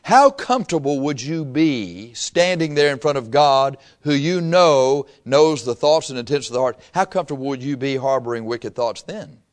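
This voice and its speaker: A man preaching a sermon, acting out little scenes and swinging from loud outbursts to hushed asides. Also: medium pitch, lively intonation, moderate pace.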